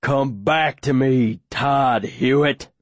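A man voicing a menacing, fanatical preacher who speaks slowly with an eerie calm, as an audiobook character. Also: mid-range voice, no room sound, lightly acted. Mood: cold calm. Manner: slow, drawn-out, eerily calm delivery.

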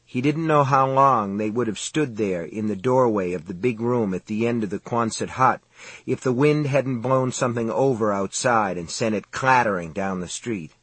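A man narrating a horror audiobook in a measured, suspenseful reading style, close to the mic. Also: medium pitch, fairly bright tone, slightly rough, no room sound.

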